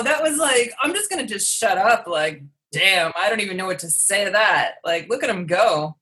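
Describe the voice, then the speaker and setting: A woman's voice: medium pitch, lively intonation, normal speed, few pauses, sharp tone. A woman comedian chatting casually as a podcast guest, rambling and giggling as she talks about herself. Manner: rambling, giggly, self-deprecating.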